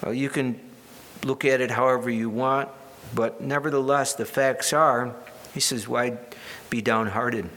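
A man's voice: medium pitch, little pitch movement, a little slow, a bit bright. A man preaching a sermon in a conversational way, with wry asides and restarts. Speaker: pastor.

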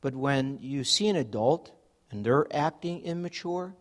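A man's voice: mid-range voice, expressive, measured pace. A man preaching a sermon in a conversational way, acting out everyday examples. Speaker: pastor.

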